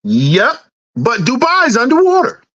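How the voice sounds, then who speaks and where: Slow, swooping woman host, teasing rhetorical rant, repeats herself. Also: huge pitch swings, fairly bright tone, muffled recording. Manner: teasing, sing-song, repeats questions; swings in pitch, drawn-out words. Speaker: channel host.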